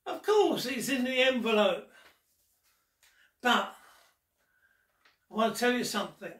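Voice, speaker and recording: A man's voice: extremely high pitch, sing-song, a little slow, a bit bright. A man performing a magic trick while telling a Gospel story, teasing the viewer. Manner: playful and teasing, addressing the viewer. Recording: roomy echo, distant mic.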